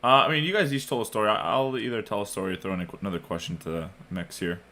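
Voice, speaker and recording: Young man, low voice, rapid talker, teasing, podcast co-host. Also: expressive, fairly bright tone, a little hiss or hum. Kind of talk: casual podcast chat.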